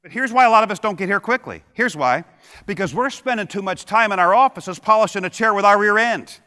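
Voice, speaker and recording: Give me a motivational keynote from a middle-aged man, punchy and quick with a joke, recorded with long hall reverb. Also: high-pitched, lively intonation, sharp tone. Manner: punchy, joking, fires rhetorical questions at the audience. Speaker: keynote speaker. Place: large conference hall with audience.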